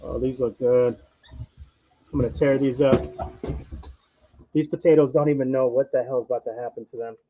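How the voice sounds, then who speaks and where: Cooking live in his home kitchen, a young host jokes and chats with his viewers. He speaks at normal speed in a mid-range, fairly even voice with long pauses, and the audio has its highs cut off.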